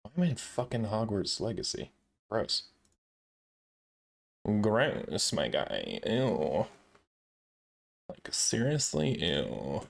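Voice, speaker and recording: A man's voice: lowish voice, huge pitch swings, takes it slowly, creaky, pauses often. A man hosting a casual live stream, laughing often and swearing lightly while he sets things up and talks to his chat.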